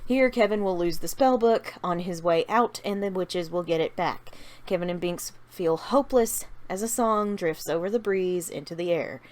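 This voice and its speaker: A woman's voice: fairly low pitch, moderate pace, darkish tone. Chatty woman narrating a fan story. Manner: chatty, asides to viewers. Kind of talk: casual retelling of a story idea.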